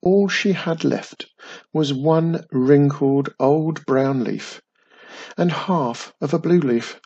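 Slow breathy male storyteller. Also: fairly high pitch, a little mellow, lo-fi sound. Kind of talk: children's story narration.

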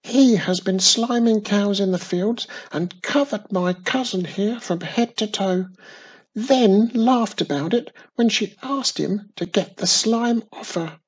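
A woman's voice: medium pitch, takes it slowly, husky, pitched above the performer's own voice, poor audio. A woman voicing an indignant young boy wizard who tells on someone.

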